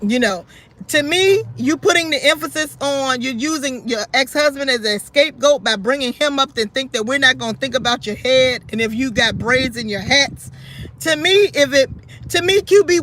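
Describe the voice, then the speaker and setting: Blunt, scolding woman with a very high, bright voice. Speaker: YouTube channel host. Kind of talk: commentary vlog addressing other creators.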